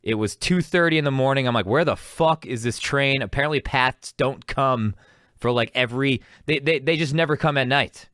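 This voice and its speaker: A man's voice: medium pitch, brisk, fairly bright tone, clear, resonant tone, no echo, clean studio sound. A young man hosting an advice podcast, telling a rambling, self-mocking story and acting out both sides of an argument. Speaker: podcast host. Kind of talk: casual storytelling monologue.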